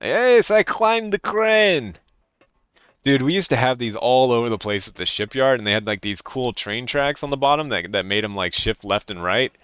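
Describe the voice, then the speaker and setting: A man from California chatting casually and swearing freely while streaming a game, now and then slipping into loud mocking voices. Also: mid-range voice, a little fast, hardly any pauses, clear, resonant tone, no echo, dull audio. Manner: animated, profane, slips into loud mocking voices. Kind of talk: casual gaming commentary.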